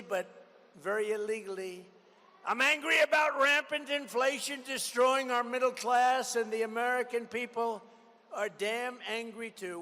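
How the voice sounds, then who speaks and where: Older male candidate, high-pitched and forceful, combative, repetitive rally delivery, big reverberant venue. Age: 70s. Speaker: political candidate. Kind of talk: campaign rally speech. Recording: long arena reverb, faint background noise.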